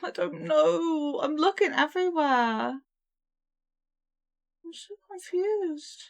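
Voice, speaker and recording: High-voiced young woman streamer, unhurried. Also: very animated, creaky. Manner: flustered, giggly, thinks aloud. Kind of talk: casual live-stream gameplay chat.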